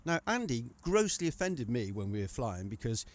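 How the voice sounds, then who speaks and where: A man's voice: mid-range voice, big pitch swings, normal speed, dry recording. A man guesting on a live stream, chatting playfully and acting hurt in jest. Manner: playful, mock-offended. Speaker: studio guest. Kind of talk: casual live-stream chat.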